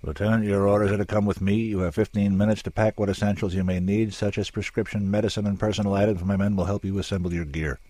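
Guy doing a no-nonsense army captain, barking clipped orders, kinda husky, dry sound. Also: on the low side, flat delivery, quick pace, few pauses, mellow, no echo, voice pushed up, natural voice. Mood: curt, formal. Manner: clipped, commanding military delivery. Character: brisk formal male army captain, middle-aged.

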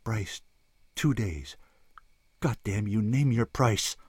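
A man reading an audiobook, voicing a distraught young woman who pleads in a strained, high voice. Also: takes it slowly, a little mellow, husky, no echo, clean studio sound. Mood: bitter.

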